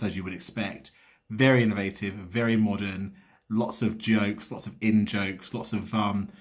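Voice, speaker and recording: A man giving a casual vlog review of a theatre show, talking in a rambling, chatty way with frequent restarts. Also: on the low side. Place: outdoors walking uphill, then in a car.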